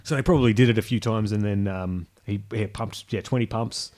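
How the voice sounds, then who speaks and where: A man's voice: lowish voice, fairly quick, a little mellow. A man co-hosting a podcast, giving dry, graphic commentary on a clip with short laughs. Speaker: podcast co-host. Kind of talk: casual reaction chat.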